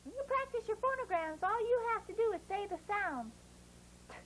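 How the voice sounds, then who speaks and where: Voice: very high voice, expressive, moderate pace, fairly bright tone, slight background noise, rough recording. A performer voicing a cheerful puppet boy who teaches children to write letters in a bouncy, encouraging, sing-song way. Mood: cheery. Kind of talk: playful kids' lesson.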